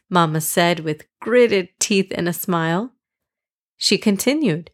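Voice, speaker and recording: A woman narrating a children's storybook in an even, measured read-aloud voice. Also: fairly low pitch.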